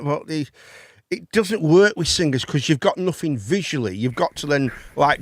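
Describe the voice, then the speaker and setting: A man's voice: mid-range voice, fairly bright tone. A man, hosting a live chat and phone-in show, rambling and swearing casually. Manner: rambling, chatty, swears casually, calls people mate.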